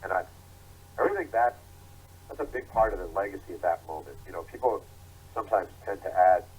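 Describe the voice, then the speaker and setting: Low-voiced man telling lively stories. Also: fairly quick, husky, poor audio. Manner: animated storyteller acting out quotes. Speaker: author guest. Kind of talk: interview storytelling.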